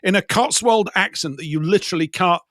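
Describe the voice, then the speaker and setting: A man chatting as a guest, enthusiastic and animated as he tells a story. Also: sits high, brisk, dry recording, studio quality. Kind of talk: casual chat.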